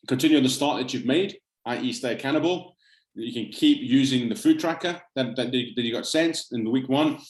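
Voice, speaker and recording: A man from Africa, running an online group nutrition coaching session in an upbeat, encouraging way and often checking in with "okay?". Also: medium pitch. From South Africa. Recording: roomy echo.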